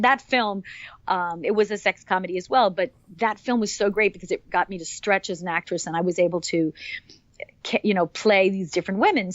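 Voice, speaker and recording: A woman's voice: mid-range voice, dry recording, highs cut off. A woman in her fifties, an actress being interviewed for a podcast, talking with enthusiasm and rambling through many fillers and restarts. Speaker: actress guest.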